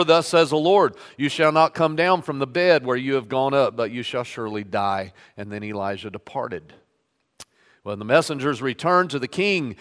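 A man's voice: mid-range voice, fairly bright tone. Man preaching in an echoing hall. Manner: reads scripture aloud with rising emphasis on quoted lines. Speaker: pastor. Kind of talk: sermon with scripture reading. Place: church sanctuary.

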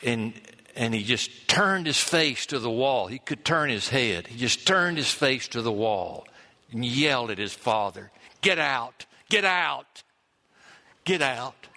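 A man preaching a sermon, telling a story in halting phrases and repeating words for emphasis. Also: medium pitch, expressive, pushed and bright, in a large hall.

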